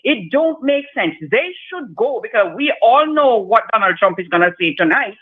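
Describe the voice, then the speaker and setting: A woman's voice: a little high, expressive, normal speed, breathy edge. Jamaican woman caller on a phone line. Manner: emphatic, repeats herself. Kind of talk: call-in radio chat. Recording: dull phone-line sound.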